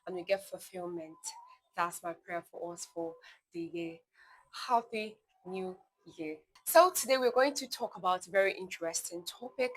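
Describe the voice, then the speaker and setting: A woman hosting a motivational podcast. She speaks emphatically, repeats her points and adds lively asides. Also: mid-range voice, rough recording. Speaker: podcast host.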